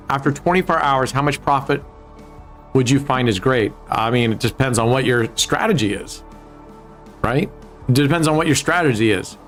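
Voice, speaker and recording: Joking, profane man, live casino-stream host, low music under him. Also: a bit bright. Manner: joking, profane, talks to chat viewers. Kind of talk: casual live-stream chat. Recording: faint music behind.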